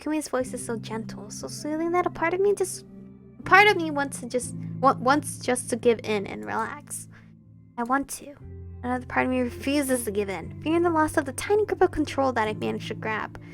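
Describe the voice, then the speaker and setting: A woman reading a visual novel game aloud with expressive, emotional delivery, breaking into giggles and excited reactions. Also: sits high, a little fast, soft background music. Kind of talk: dramatic game read-through with asides.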